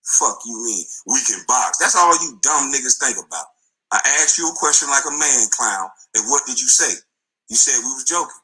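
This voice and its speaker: Man ranting in a bright, husky voice. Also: medium pitch, lively intonation, moderate pace, low-quality recording. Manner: taunting, insulting, confrontational. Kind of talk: angry profane rant in a played clip.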